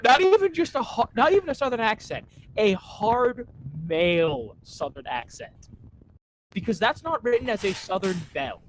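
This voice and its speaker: High, animated man co-hosting. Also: normal speed, poor audio. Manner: correcting and teasing. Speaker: co-host. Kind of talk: casual comedy commentary.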